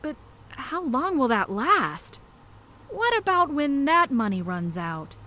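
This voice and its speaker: A woman's voice: high-pitched, big pitch swings, slow, bright, forceful tone, full character voice. An actress voicing a young woman detective in a video game, questioning suspects in a direct, probing manner.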